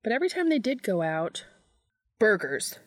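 A woman narrating a fan fiction audiobook in a steady, measured way. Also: lowish voice, no room sound.

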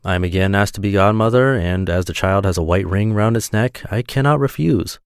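A man's voice: fairly low pitch, brisk, clean tone, no echo, studio quality, lightly acted. A man voicing a sly, greedy female cat in a fairy tale, talking in a coaxing, cool way. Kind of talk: storybook reading.

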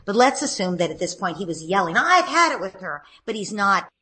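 A woman, a parenting expert, calmly explaining what parents can say to children who are fighting. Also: mid-range voice, fairly quick, breathy edge. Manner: calm, explanatory, acts out gentle parent lines. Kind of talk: advice conversation.

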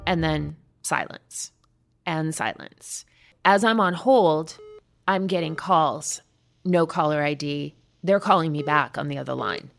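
A woman's voice: sits low, a little slow, creaky, faint music behind. A middle-aged woman, an interview guest, earnestly retelling a personal ordeal and acting out the voices she heard. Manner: earnest, vivid, acts out quoted voices.

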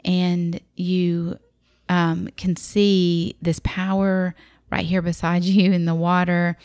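A woman telling a personal story in a reflective, vivid way, sometimes dropping to a hush. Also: fairly low pitch, level tone, takes it slowly, dry recording, studio quality.

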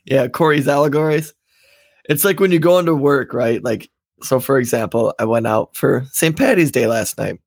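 A man co-hosting a podcast, telling loose stories and swearing freely. His voice sits at a mid pitch, and the sound is dry and close. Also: moderate pace, creaky, no echo. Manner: laid-back storyteller, swears freely. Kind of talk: casual podcast chat.

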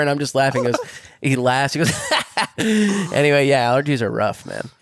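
Brief: young man, podcast co-host, lively profane storyteller, dry close mic. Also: mid-range voice, fairly quick, smooth, dry recording. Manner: animated storyteller, profane, laughs often. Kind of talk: casual storytelling chat.

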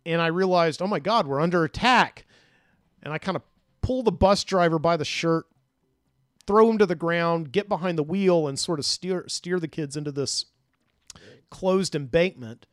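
A man's voice: on the high side, normal speed, no room sound, clean studio sound. A man hosting a podcast, telling a dream in a rambling, casual way with many fillers and restarts. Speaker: podcast host. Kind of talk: casual storytelling, recounting a dream. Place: studio. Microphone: studio microphone.

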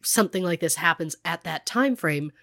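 A woman's voice: fairly low pitch, lively intonation, normal speed, creaky, fairly bright tone, no room sound. A woman co-hosting a casual true crime podcast, chatty, full of fillers and acted-out quotes, close to the mic. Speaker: podcast co-host.

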